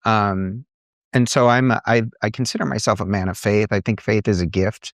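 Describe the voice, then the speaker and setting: A middle-aged man, an entrepreneur and coach, telling earnest, animated stories in a podcast conversation. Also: fairly low pitch, moderate pace, no echo, studio quality. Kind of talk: conversational storytelling.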